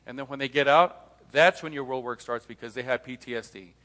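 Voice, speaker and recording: A man's voice: medium pitch, brisk, pushed and bright. A middle-aged man giving a live talk to an audience. He tells stories, acts out both sides of conversations and asks rhetorical questions. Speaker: speaker on leaving cults, former pastor. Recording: long hall reverb.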